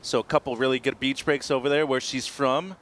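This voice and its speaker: A man from Mexico working as co-commentator, explaining surf and slang in a relaxed, friendly way. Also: mid-range voice, fairly quick. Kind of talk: live sports commentary.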